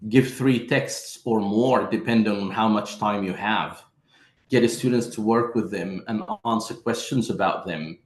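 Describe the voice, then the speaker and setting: A man's voice: fairly low pitch, reverberant. A man giving an online conference talk that explains step by step how to teach grammar through questions, and he calls his listeners his friends. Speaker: teacher trainer.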